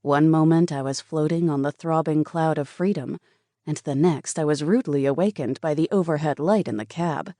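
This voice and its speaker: A woman's voice: low voice, moderate pace, mellow, no echo, clean studio sound. A woman narrating a first-person romance audiobook in an earnest, intimate way.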